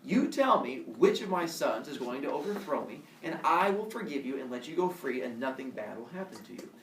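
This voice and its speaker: A man's voice: medium pitch, big pitch swings, a little fast, a bit bright, slight background noise. A man voicing a petulant, blustering king of the gods who barks demands, recorded from a distance in an echoey classroom. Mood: bossy. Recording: echoey classroom, far from the mic.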